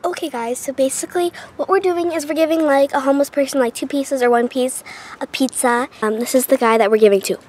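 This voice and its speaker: A woman's voice: high voice, steady tone, fast, darkish tone, a little hiss or hum. A young woman vlogging casually on a handheld camera, gushing and bubbly with lots of fillers. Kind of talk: casual vlog. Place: out and about, stores and streets.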